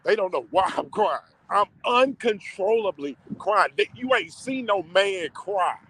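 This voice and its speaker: A man telling a personal story to camera in a slangy, emotional, drawn-out way. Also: high-pitched, expressive, fairly bright tone, breathy edge, rough recording.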